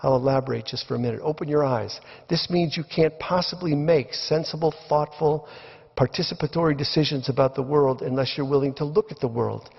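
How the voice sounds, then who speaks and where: An older man delivers reflective opening remarks in a debate, telling stories as he goes and acting out quotes. His voice is fairly high and slightly rough, with vocal fry, fairly even intonation and a brisk pace. The recording is dull and lo-fi, made in a reverberant lecture hall.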